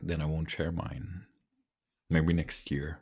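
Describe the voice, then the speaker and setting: A man co-hosting a casual podcast chat, playful and teasing, quick to laugh and a bit tipsy. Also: extremely low pitch, flat delivery, darkish tone, slightly rough. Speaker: podcast co-host.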